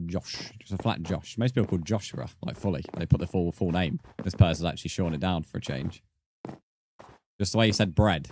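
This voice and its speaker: Speaking fairly quickly in a deep, slightly mellow voice, a British man banters with his live-stream audience and thanks followers as he games. There's a little hiss or hum in the audio.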